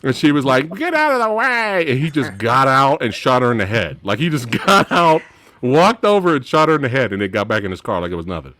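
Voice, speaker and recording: A man hosting a casual movie-review chat, animated and laughing often, his voice dropping low at the end of phrases. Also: fairly quick, no echo. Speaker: podcast host.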